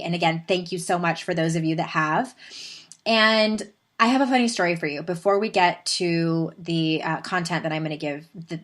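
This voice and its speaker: A woman in her thirties with a Southern California accent hosts her podcast as a casual monologue. She tells stories in a chatty, animated way with laughing asides. Her voice sits a little low for a woman. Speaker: podcast host.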